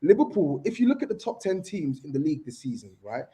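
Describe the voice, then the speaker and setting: A man's voice: on the high side, sing-song, fast, dark tone. A man, co-hosting a podcast and arguing hard about football, insisting on finishing his point and repeating himself. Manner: argumentative, talks over others, insistent repeats. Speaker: podcast co-host. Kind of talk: heated football debate.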